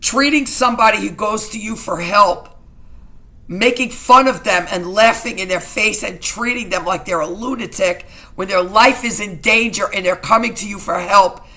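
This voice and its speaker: A woman's voice: mid-range voice, normal speed, pushed and bright. A middle-aged woman vlogging to her viewers in an emotional personal rant, indignant and agitated, often repeating herself.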